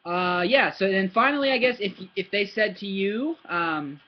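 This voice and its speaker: A man's voice: high voice, animated, moderate pace, dull audio. A man giving a casual, patient German lesson to a child, repeating words and demonstrating sounds. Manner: patient, repeats words and asks "yeah?" often; demonstrates sounds with paper and hand. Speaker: German tutor.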